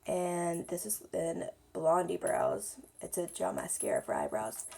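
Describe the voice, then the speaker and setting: A young woman, slightly hoarse today, chatting casually through a makeup tutorial as she applies it. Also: on the low side, expressive, a little slow, darkish tone. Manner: chatty, talks while applying makeup. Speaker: beauty vlogger.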